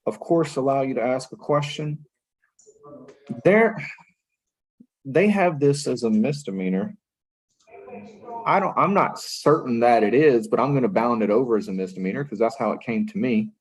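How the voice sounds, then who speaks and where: A man's voice: mid-range voice, animated, unhurried, long pauses, breathy edge, low-quality recording. A man serving as magistrate judge at a first appearance hearing, speaking firmly but patiently and repeating himself to keep the defendant listening. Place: courtroom.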